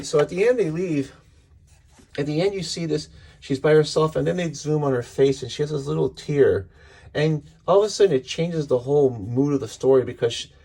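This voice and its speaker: Husky, mellow-voiced man retelling comic plots. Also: mid-range voice. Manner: rambling, retells scenes with quoted dialogue, frequent fillers. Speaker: podcast host reviewing comics. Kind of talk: casual spoken review.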